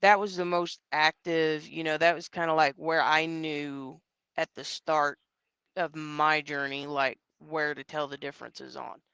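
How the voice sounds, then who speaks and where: A man's voice: a little high, little pitch movement, measured pace, sharp tone, clean tone, dry recording. A man, a psychic medium guest, telling a story in a casual, rambling way, with lots of fillers and quoted dialogue.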